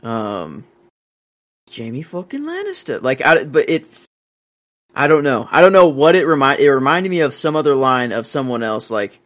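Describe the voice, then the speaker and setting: A man's voice: mid-range voice, lively intonation, normal speed, no room sound. A man co-hosting a podcast, chatting casually about a TV episode, often hesitating and trailing off mid-thought. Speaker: podcast co-host. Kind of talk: casual chat recapping a TV episode.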